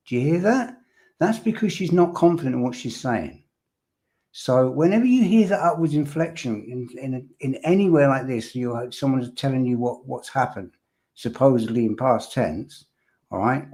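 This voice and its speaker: A man's voice: mid-range voice, lively intonation, normal speed, mellow. A man hosting a podcast, analyzing a recorded statement, repeating phrases and quizzing his co-host emphatically.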